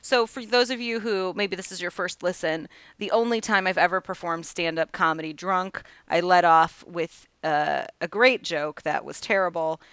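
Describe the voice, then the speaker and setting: A woman's voice: on the low side, moderate pace, hardly any pauses, a bit bright, clean tone, dry recording, studio quality. A woman co-hosting a podcast in casual chat, self-mocking and chatty. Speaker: podcast co-host.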